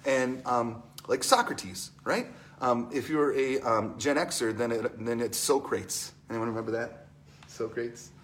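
A man preaching a conversational sermon in an animated, storytelling way, asking the congregation questions. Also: medium pitch, unhurried, slight background noise.

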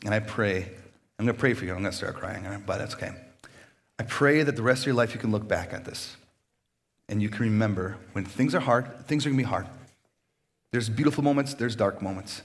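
A man's voice: lowish voice, brisk. A man pastor speaking from a church stage in a loose, chatty way. He jokes, laughs often between phrases and restarts his sentences as he talks. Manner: chatty and joking, with frequent restarts. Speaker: pastor leading baptisms. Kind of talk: casual sermon invitation.

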